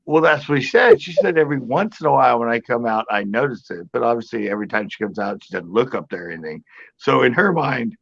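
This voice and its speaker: A man's voice: mid-range voice, quick pace, vocal fry, highs cut off. A man chatting casually on a podcast panel, telling a story with lots of laughter and acted-out quotes. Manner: animated storyteller, acts out quoted voices, laughs a lot.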